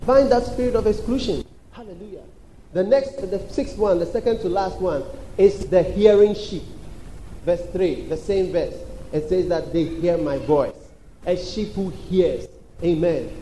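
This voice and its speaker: A man preaching a sermon in a church hall, emphatic and repetitive, calling for responses and acting out shouted quotes. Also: high-pitched. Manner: acts out quoted voices and shouts. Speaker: pastor. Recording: echoey church hall with faint background noise.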